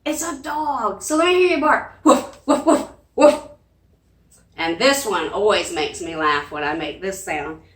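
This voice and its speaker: A woman's voice: medium pitch, animated, moderate pace, few pauses, fairly bright tone. A woman, a children's librarian leading a sing-along lesson with cheerful, coaxing talk and animal sounds. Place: library room. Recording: echoey room, mic at a distance.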